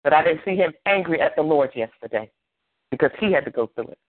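Male pastor, higher-pitched, preaching with repeated rallying lines; dry and thin like a phone recording. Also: animated, quick pace, dry recording. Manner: emphatic preaching with repeated phrases and call-and-response. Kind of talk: sermon. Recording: tinny phone-like dry sound.

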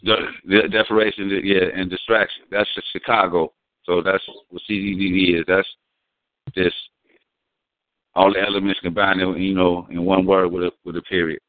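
Man, very low voice, loose profane rambling talk, thin phone-line sound. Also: little pitch movement, moderate pace, dry recording. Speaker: guest. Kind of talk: casual profane explaining.

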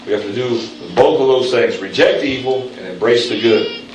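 A man preaching a sermon in a church, calling on the congregation for responses and jumping up in pitch for emphasis. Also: expressive, normal speed, slight background noise. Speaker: pastor. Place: church sanctuary. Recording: very echoey room, mic at a distance.

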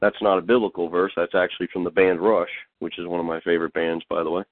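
A middle-aged man hosting a call-in show, teaching a Bible lesson while getting over a cold, pausing often to clear his throat. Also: low voice, level tone, no echo. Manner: halting, frequent throat-clearing and fillers. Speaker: host. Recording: dry, tinny phone line.

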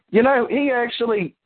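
A man making crude jokes in a phone chat. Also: very high-pitched. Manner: joking, crude. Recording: phone-line audio.

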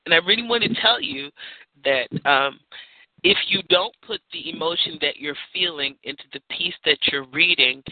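A woman with a cold, chatting on an online radio show and telling stories with emphatic, animated energy. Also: lowish voice, moderate pace, no room sound. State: has a cold. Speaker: poet and radio show guest. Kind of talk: casual chat. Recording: tinny phone line.

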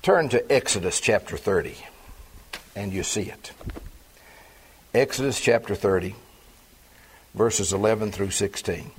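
A middle-aged male pastor preaching a sermon, reading scripture aloud and then expounding it with slow, emphatic stresses. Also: fairly low pitch, breathy edge.

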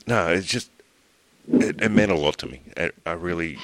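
Over heavy noise, a deep-voiced, middle-aged Australian podcast host speaks at normal speed in casual chat. He wanders through a personal story, restarting sentences and swearing offhandedly.

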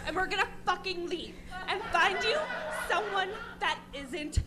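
A woman's voice: very high-pitched, measured pace, a loud crowd, pitched above the performer's own voice. A woman putting on a no-nonsense girlfriend laying down the plan with firm, swearing commands. Heavy background noise runs under the call. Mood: commanding. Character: bossy no-nonsense young woman friend.

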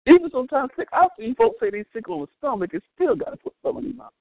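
A man preaching a sermon in an animated, humorous way, calling out to his congregation. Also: extremely high pitch, racing, creaky. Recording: thin phone-like sound, dry.

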